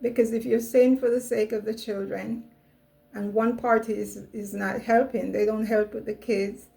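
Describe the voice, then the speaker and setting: A woman's voice: on the high side, level tone, moderate pace, vocal fry, warm tone, poor audio. A middle-aged woman hosting her own channel, giving a chatty, musing monologue on relationships with many "you know" asides. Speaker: channel host.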